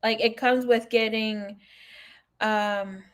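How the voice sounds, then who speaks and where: A woman's voice: fairly high pitch, fairly even intonation, takes it slowly. A woman giving a casual live tarot reading, chatting and telling stories to viewers she calls by name. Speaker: tarot reader.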